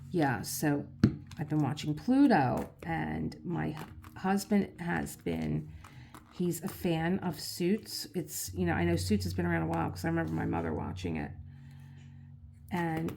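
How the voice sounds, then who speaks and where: Gravelly-voiced woman chatting while crafting. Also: low-pitched, warm tone, slight background noise. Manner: rambling, chatty, talks to herself as she works. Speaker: diamond painting vlogger. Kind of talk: casual chat while crafting.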